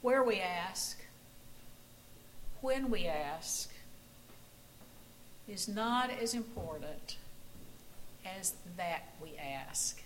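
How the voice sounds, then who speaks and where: A woman preacher telling a dramatic story in a church sanctuary, often hushing her voice to a near whisper. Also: fairly low pitch, expressive, very slow, long pauses, background noise. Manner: dramatic, hushed storytelling with dropping voice. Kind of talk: storytelling sermon.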